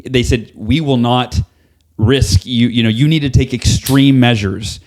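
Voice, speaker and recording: Man guest on a podcast, mid-range voice, lively storyteller who voices the people in his story. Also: medium pitch, unhurried. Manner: animated, acts out quoted dialogue, casual swearing. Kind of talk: storytelling in a conversational interview.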